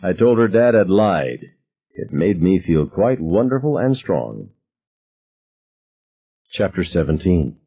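A man narrating an audiobook in a wry, reflective first-person way, with a husky voice. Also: low voice, big pitch swings, takes it slowly, long pauses, lo-fi sound.

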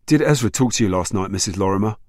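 A man's voice: on the low side, animated, a little mellow, dry recording, clean studio sound, lightly acted. A man playing an eager young policeman. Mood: urgent. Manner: urgent, quick.

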